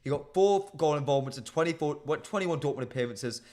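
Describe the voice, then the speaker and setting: A man with a slightly high, somewhat mellow voice speaks fast and with lively intonation. As host of a casual football stream, he's chatty, addresses the chat directly, and says um a lot.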